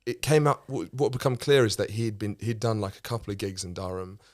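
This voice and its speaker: Low-voiced man telling a story. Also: brisk, a little mellow, no room sound, clean studio sound. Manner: rambling, restarts, swears freely. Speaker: comedian guest. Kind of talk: casual anecdote telling.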